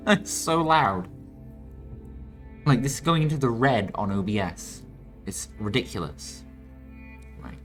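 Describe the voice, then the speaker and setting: A man's voice: fairly low pitch, big pitch swings, takes it slowly, long pauses, faint music behind. A man reading a story game's text aloud and making casual, swearing asides as a let's play host, while ill. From United States.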